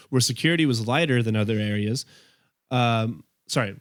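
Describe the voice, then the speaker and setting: A man narrates a history story for his podcast friends in a loose, casual way, laughing and stumbling over his notes. His voice sits at an ordinary middle pitch, recorded close and dry. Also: moderate pace, no echo. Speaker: podcast host telling the story.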